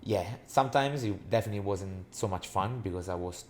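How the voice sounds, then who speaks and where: Reflective man, somewhat low voice, casual podcast chat, hesitant, faint background noise. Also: a little fast, darkish tone. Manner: hesitant, lots of fillers, reflective. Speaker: podcast co-host, men's coach.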